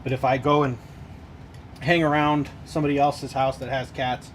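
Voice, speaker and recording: A man's voice: mid-range voice, flat delivery, moderate pace. Man chatting on a noisy home livestream. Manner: talks fondly to his cat between remarks to viewers. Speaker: guitar teacher streaming live. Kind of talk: casual livestream chat.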